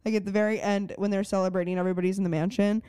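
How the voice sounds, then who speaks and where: A woman's voice: mid-range voice, little pitch movement, racing, warm tone, clean tone, no room sound, studio quality. A woman co-hosting a podcast in casual chat, easygoing and agreeable, often laughing along. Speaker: podcast co-host.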